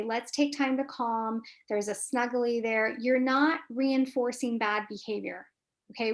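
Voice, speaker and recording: A woman's voice: fairly high pitch, creaky. A woman therapist answering parenting questions in a live webinar, in a coaching manner. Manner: warm, coaching, asks if answers helped. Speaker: licensed marriage and family therapist, webinar guest.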